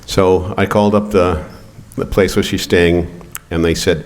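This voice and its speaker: At a poetry reading in an art gallery, an older male poet with a very low voice tells a rambling, profane story. He speaks a little slowly with fairly even intonation, halting often with fillers.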